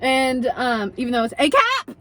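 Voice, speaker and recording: A young adult woman casually telling a story to camera, animated, swearing freely and acting out what people said. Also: high voice, moderate pace, slight background noise. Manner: animated, swearing, acts out quotes.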